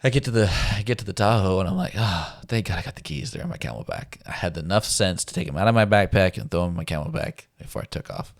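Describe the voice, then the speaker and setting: A man's voice: deep voice, expressive, fast talker, creaky, hardly any pauses, no echo, clean studio sound. A man casually telling a survival story as a podcast guest, laid-back, laughing often and acting out what people said.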